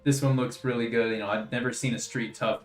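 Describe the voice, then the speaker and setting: A man's voice: mid-range voice, flat delivery, quick pace, close to an everyday voice. A man voicing a male mentor in a tabletop game who gives frank but kindly critiques, in an echoey room with faint music. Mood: approving. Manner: gives blunt critiques gently.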